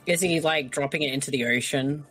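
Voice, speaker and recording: A woman's voice: sits low, fairly quick, fairly bright tone, faint music behind. A woman hosting a casual movie commentary podcast, reacting with laughs and exclamations. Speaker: podcast host.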